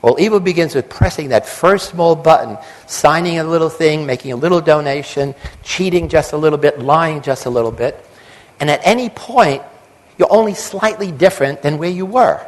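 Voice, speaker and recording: A man's voice: fairly high pitch, lively intonation, moderate pace, rough recording. An older man, a psychologist, giving a public lecture with emphatic lists and acted-out quotes.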